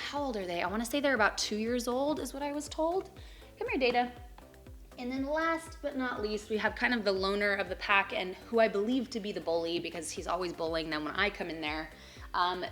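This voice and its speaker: Young woman, casual pet vlog, mid pitch, chatty with cooing asides, faint music bed. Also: a bit bright. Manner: chatty, coos and baby-talks to her pets. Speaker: pet vlogger. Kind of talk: casual chat. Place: home, on the couch.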